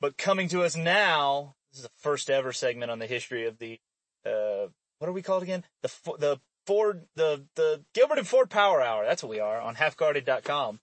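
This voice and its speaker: A man's voice: fairly high pitch, a little fast, dry recording. A man hosting a casual sports podcast, joking and laughing often as he talks. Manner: laughs often, animated and jokey. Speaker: podcast host.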